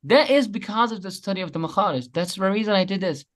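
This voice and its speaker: A man teaching an online group class, animated and repeating letters slowly for his students. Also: sits high. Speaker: Quran recitation teacher. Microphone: webcam.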